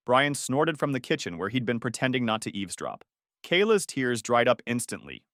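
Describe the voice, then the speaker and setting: A man's voice: medium pitch, big pitch swings, normal speed, pushed and bright, no room sound. A man narrating a first-person story in a dry, sarcastic manner, close to the mic.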